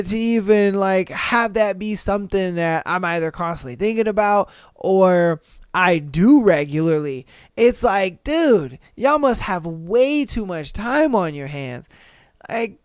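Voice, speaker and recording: A young man hosting a podcast, telling stories and reacting in a slangy, profane, animated way. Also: high voice, clear, resonant tone, dry recording, clean studio sound. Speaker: podcast host. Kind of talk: casual solo podcast commentary.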